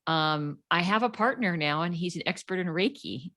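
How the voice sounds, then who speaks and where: Casting note: middle-aged woman guest, slightly low voice, animated storyteller doing quoted voices. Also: moderate pace. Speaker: podcast guest. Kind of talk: casual storytelling interview.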